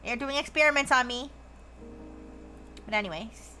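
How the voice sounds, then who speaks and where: A woman's voice: high voice, moderate pace, pushed and bright, faint music behind. A woman streamer chatting casually while she plays, rambling with lots of restarts and fillers and joking in a playful robot persona. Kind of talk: casual chat while gaming.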